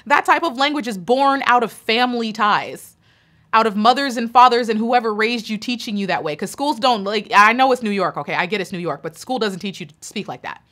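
Woman, American, vlogger, indignant, repeats herself for emphasis, higher pitch, bright tense tone. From United States. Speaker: YouTuber. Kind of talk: opinion commentary vlog.

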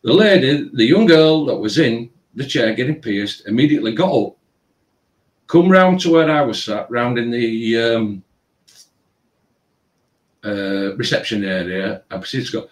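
A man's voice: medium pitch, unhurried, long pauses, recorded from a distance. A man, casually telling a long story with lots of filler phrases. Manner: rambling, animated retelling with filler phrases. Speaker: tattoo shop owner. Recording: roomy, from away from the mic.

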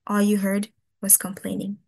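A woman reading her spoken-word poem on a webinar, slow and pointed, asking question after question. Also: medium pitch, monotone, gravelly, darkish tone, slight background noise.

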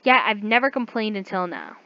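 A woman voicing a frightened but defiant young woman who shouts back at her captor. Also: mid-range voice, lively intonation, fairly quick, clean tone, highs cut off, close to an everyday voice.

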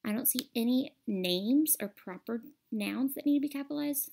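A woman's voice: on the high side, lively intonation, moderate pace, vocal fry, few pauses, warm tone, slight background noise. A woman teacher explaining a grammar lesson patiently and step by step over a screen recording.

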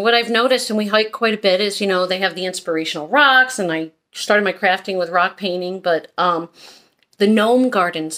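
A woman vlogger talks casually through a haul of purchases. She rambles, wanders off topic, and catches herself before going on. Her pitch sits in an ordinary middle range. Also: a bit bright. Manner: rambling, chatty, sidetracked. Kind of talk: casual chat.

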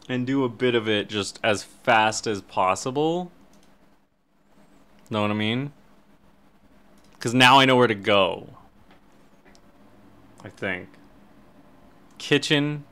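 A man's voice: medium pitch, expressive, slow pace, long pauses, fairly bright tone, smooth. A man streaming a horror game live, commentating and swearing, yelping when startled.

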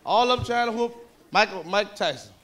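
A man's voice: high voice, a little fast, fairly bright tone. A man performing a live stand-up routine, telling rowdy, profane stories and mocking people in put-on voices. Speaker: stand-up comedian. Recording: live club recording with audience. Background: audience laughter and room noise.

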